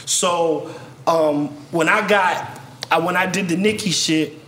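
A man from Virginia telling animated stories in casual chat, acting out other people's voices as he goes. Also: fairly high pitch, a little slow, echoey room, a little hiss or hum. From Virginia, USA. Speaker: podcast guest songwriter telling stories.

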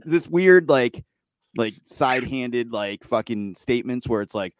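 On a podcast, a middle-aged male co-host chats casually, getting worked up, swearing freely and laughing a lot. His voice is mid-range at a normal speed, and the recording is dry.

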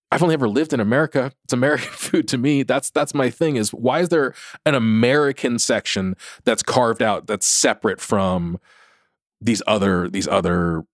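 A man talks in a relaxed podcast chat, laughing often and tripping over restarts. His pitch swings lively up and down. The sound is dry and close to the mic. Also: no room sound. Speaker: podcast co-host, cookbook writer. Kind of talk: casual chat.

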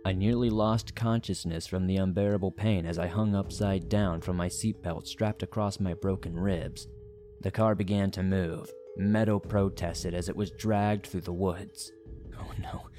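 A man reads a first-person horror story with dramatic, suspenseful delivery. His voice sits on the low side. Faint background music runs beneath the narration. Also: steady tone, moderate pace, dark tone.

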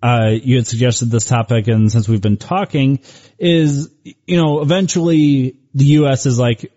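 Mellow-voiced man in easy podcast chat. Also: mid-range voice, fairly even intonation, measured pace, muffled recording. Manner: easygoing, joking, puts on voices. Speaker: podcast co-host. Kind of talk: casual chat.

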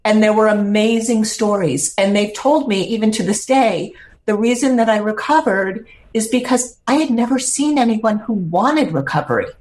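A woman's voice: medium pitch, moderate pace, darkish tone. Older lady guest, earnest and heartfelt, telling her story on a podcast, near tears. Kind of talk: emotional personal storytelling.

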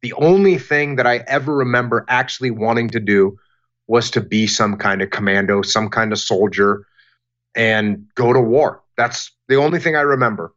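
A man answering interview questions about leadership in a deliberate, emphatic way, often repeating phrases for emphasis. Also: medium pitch, fairly bright tone, lo-fi sound. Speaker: guest, former military leader.

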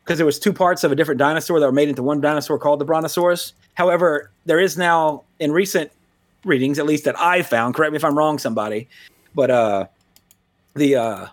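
A man hosting a podcast in casual chat, rambling and animated, swearing freely. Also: a little high, fast. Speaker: podcast host.

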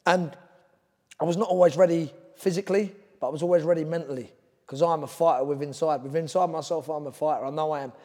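A man's voice: fairly high pitch, fairly even intonation, fast talker, dark tone, long reverb tail. A middle-aged man with a London Cockney accent, a former boxer telling his story as a podcast guest, earnest and drifting from topic to topic. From Ireland. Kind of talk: candid podcast interview.

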